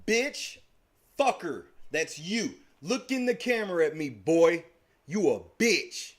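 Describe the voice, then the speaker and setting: High, lively, taunting man. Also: slow. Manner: profane, taunting, mocking. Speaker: livestream host. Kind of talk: heated livestream argument.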